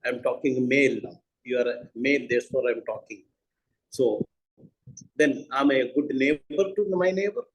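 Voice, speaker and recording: An older man speaks at a webinar as a university founder. His pitch sits in the middle range, and his delivery is earnest, with key phrases repeated for weight. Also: moderate pace, dull audio, a little hiss or hum. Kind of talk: speech at a webinar.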